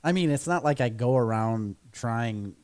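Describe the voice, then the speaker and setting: A man co-hosting a podcast, trading deadpan jokes and laughing often in casual chat. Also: mid-range voice, unhurried. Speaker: podcast co-host.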